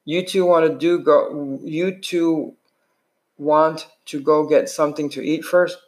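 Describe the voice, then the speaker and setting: A rough-voiced teenage greaser, cocky and blunt, ribbing the younger boys, as a man reading the book puts him on. His voice sits at an ordinary middle pitch for a man but often jumps higher when he snaps a remark. It comes across as a gruff storybook voice rather than a full performance. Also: steady tone, takes it slowly. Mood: gruff teasing.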